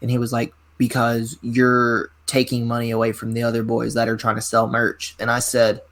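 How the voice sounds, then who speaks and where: A man in his twenties, a pro wrestler guest telling rambling, animated stories in a casual interview, full of filler words. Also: mid-range voice, normal speed. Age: 20s.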